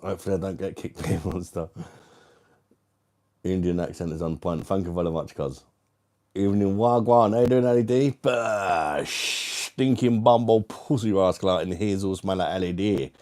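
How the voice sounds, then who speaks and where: A man's voice: deep voice, normal speed, dark tone. A man hosting a live stream, reading out viewer comments with crude, matey banter. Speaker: livestream host.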